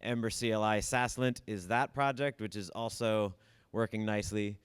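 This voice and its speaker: Smooth-voiced man in a wry tech talk. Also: on the low side, fairly even intonation, normal speed, no room sound. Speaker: meetup speaker.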